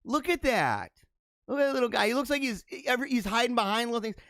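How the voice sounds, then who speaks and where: Give me a young man chatting with viewers on a livestream, his voice high and lively, full of laughter and rambling asides. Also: fast talker, dry recording, studio quality. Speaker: show host reading viewer comments. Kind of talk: casual livestream chat.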